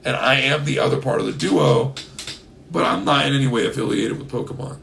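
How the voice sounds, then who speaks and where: A hoarse young man co-hosting a podcast in casual, playful, rambling chat. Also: mid-range voice, a little fast, fairly bright tone, slight background noise. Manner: playful, rambling, breaks into silly bits. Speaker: podcast co-host.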